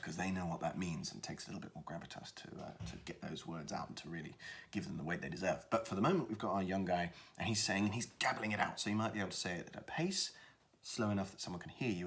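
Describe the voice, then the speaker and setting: A man's voice: sits low, fast, a bit bright, a little hiss or hum. A voice actor giving a casual tutorial on voicing characters, hesitating often as he talks. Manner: hesitant, lots of fillers and restarts.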